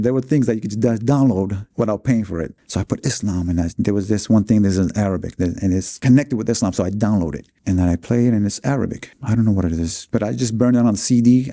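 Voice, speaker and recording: Earnest low-voiced New man. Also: dark tone, no echo, studio quality. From New York City, USA. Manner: earnest, with many fillers and restarts. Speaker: interview guest. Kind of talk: personal story in an interview.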